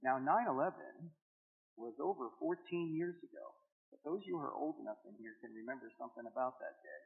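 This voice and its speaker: Man, 50s, animated apologetics speaker; tinny, roomy hall recording. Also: mid-range voice, fairly quick, gravelly, slightly rough. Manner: animated storytelling with jokes and acted dialogue. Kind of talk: church seminar talk. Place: church hall with audience. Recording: echoey hall on a tinny phone-like line.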